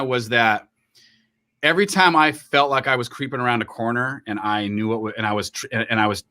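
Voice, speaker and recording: A man's voice: mid-range voice, bright, forceful tone. A middle-aged man co-hosting a casual live stream, talking in a rambling way with many restarts and acted-out quotes. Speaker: co-host.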